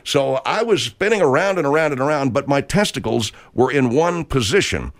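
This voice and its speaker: A man's voice: medium pitch, lively intonation, moderate pace. Folksy Arkansas man telling a rambling comic tale. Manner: folksy, rambling, full of filler words. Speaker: country show host. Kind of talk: comedic rambling monologue.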